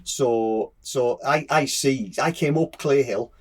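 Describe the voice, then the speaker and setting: A man's voice: mid-range voice, slow. A middle-aged man from England, a guest on an interview podcast, telling stories in a chatty, laughing way with many yeahs. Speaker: guest racer. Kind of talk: casual interview chat.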